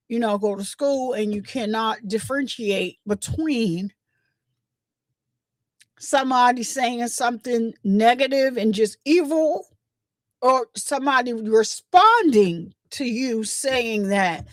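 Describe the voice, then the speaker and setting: A woman, hosting a casual gossip livestream, telling the story in a chatty, animated way and acting out what others said. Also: high-pitched, unhurried, dry recording. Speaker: livestream host.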